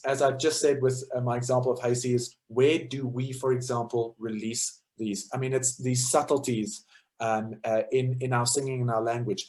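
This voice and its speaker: A man, speaking in an earnest lecturing tone and stacking up rhetorical questions. His voice sits at a middle pitch, and he talks the way an experienced choral conductor teaches. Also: a little mellow. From South Africa. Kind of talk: lecture talk.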